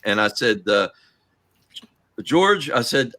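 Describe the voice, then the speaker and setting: A man swapping wrestling stories in a loose, casual chat, his voice bright and lively as he jumps up and down in pitch. He slips into other voices when he quotes people. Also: slow pace, no echo. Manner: animated storyteller doing quoted voices. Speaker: guest, former police officer.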